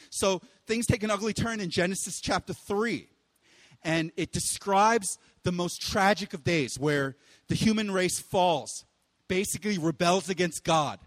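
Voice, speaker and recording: Young male pastor, high voice, casual animated sermon delivery; long hall reverb. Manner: casual, animated, with playful voices and bursts of loud exclaiming.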